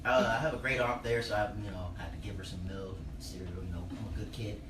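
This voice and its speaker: A man doing a stand-up comedy set in a bar, telling stories and acting out the people in them with loud shouted voices. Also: lowish voice, fast talker, noisy background. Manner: animated, acts out characters with loud shouted voices. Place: bar stage before a live audience. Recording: roomy, distant live club recording. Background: audience laughter.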